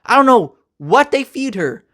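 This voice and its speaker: A young man casually reviewing a TV finale with energetic, slangy, joking talk. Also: extremely high pitch, normal speed. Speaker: TV review host.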